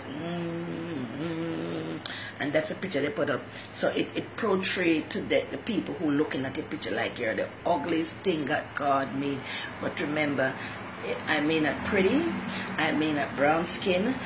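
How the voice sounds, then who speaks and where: A woman's voice: low voice, noisy background. A woman hosting her own talk show, giving folksy motherly advice and greeting viewers by name. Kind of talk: casual live-stream monologue.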